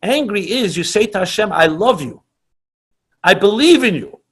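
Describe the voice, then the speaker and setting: A man's voice: high voice, lively intonation, normal speed, breathy edge. A middle-aged man, a rabbi, teaching teens in an online class and answering questions, speaking with passion and emphasis and sprinkling in Hebrew and Yiddish terms. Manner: passionate, emphatic, repeats himself.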